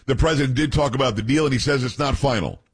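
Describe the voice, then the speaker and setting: A man's voice: mid-range voice, fast talker, breathy edge. A man hosting a talk radio show, reading news aloud with blunt opinions and joking asides to his co-hosts.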